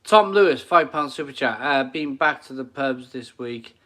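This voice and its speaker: A man's voice: mid-range voice, lively intonation, moderate pace, pushed and bright. A middle-aged man casually chatting on a live stream from his home kitchen, enthusiastic and rambling, repeating his phrases as he reads out viewer comments.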